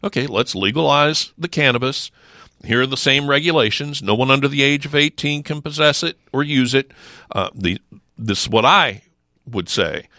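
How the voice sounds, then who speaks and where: A middle-aged man speaks as a regular guest in a radio studio. His voice is bright and forceful, and the close mic gives a dry sound. His talk is emphatic, with rhetorical questions and quick restarts. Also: medium pitch, dry recording. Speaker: sheriff's office lieutenant, regular guest. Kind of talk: casual studio chat.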